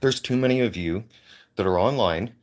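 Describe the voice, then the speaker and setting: A man's voice: on the low side, normal speed, darkish tone. Angry, profane man ranting. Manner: profane, heated, repetitive ranting. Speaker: veteran livestreamer. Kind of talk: angry livestream rant. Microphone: handheld phone.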